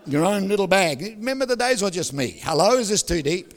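Older man, pastor, sermon, joking stories, high voice, hall reverb. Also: big pitch swings, brisk. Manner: jokey, storytelling, with sudden loud outbursts.

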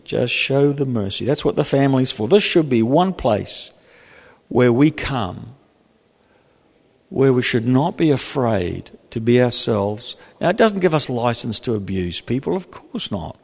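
A man's voice: mid-range voice, gravelly, in a large hall. A male pastor preaching in a conversational way, joking and acting out little scenes. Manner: conversational preaching with jokes and acted-out quotes. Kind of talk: sermon.

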